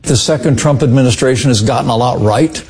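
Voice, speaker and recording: A man in an interview clip, speaking deliberately and halting with fillers. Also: mid-range voice, a little mellow, husky. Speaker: interview guest. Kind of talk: interview soundbite.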